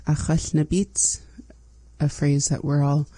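Brief: woman guiding a language lesson, husky and warm, dry close sound. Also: low-pitched, slow, no room sound. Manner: calm, steady, repeats phrases. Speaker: lesson co-host.

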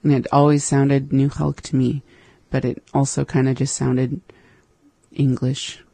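A co-host of a casual language-lesson chat, talking slowly in a flat, gravelly way and laughing easily. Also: mid-range voice, no room sound.

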